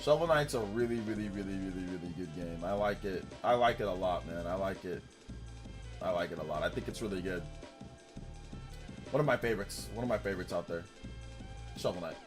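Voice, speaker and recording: A man's voice: sits low, fairly quick, pauses often, over music. A young man streaming a video game live, chatting casually, rambling and repeating himself and laughing easily.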